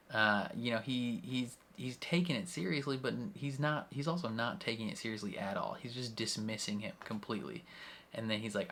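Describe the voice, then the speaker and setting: A young man casually recapping and reacting to a TV episode, retelling scenes with lively acted-out quotes and frequent laughter. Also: lowish voice, normal speed. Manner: animated retelling, acts out quoted lines, laughs often. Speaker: reaction video host.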